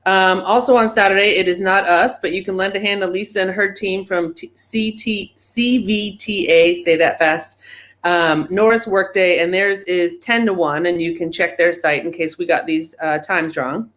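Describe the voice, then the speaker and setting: A woman announcing club events in a casual meeting over a video call, quick and upbeat with a joking touch. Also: lowish voice, steady tone, a bit bright. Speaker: events presenter.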